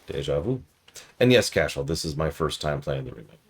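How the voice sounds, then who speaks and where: Deep-voiced joking male streamer. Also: lively intonation, fairly quick, husky. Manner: playful, joking asides. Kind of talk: casual gameplay commentary.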